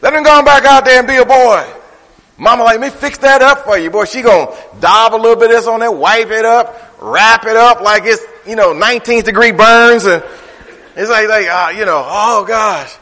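Preaching man in a reverberant hall. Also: normal speed. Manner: conversational preaching, swinging from loud and high to low and quiet. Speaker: pastor. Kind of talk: sermon.

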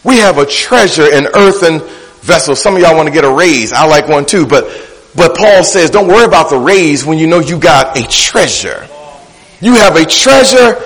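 A man's voice: sits high, fairly bright tone, in a large hall, rough recording. A man preaching a sermon, with a rhythmic, playful preacherly delivery that repeats words for emphasis. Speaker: pastor. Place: church.

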